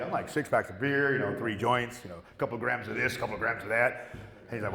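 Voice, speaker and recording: A man's voice: medium pitch, fast, creaky, pushed and bright. A middle-aged man telling rambling, profane stories at a convention panel, acting out the other people's lines. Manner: profane, rambling, acts out dialogue. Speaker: panel guest. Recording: echoey convention hall.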